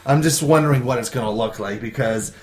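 A man's voice: mid-range voice, fairly quick. A man co-hosting a casual amateur talk show, chatting through entertainment news and reciting dates and facts with a few fillers. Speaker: co-host presenting entertainment news.

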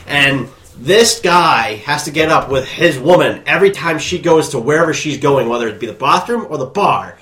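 A man's voice: mid-range voice, fairly quick. A man chatting casually with friends about a concert he saw, often acting out what people said and laughing along. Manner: animated, acts out quotes with laughter. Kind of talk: casual chat reviewing a concert.

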